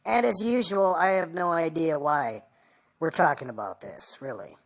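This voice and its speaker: A woman being interviewed, recounting a personal story in a halting, rambling way. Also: low-pitched. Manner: halting and rambling, full of "you know".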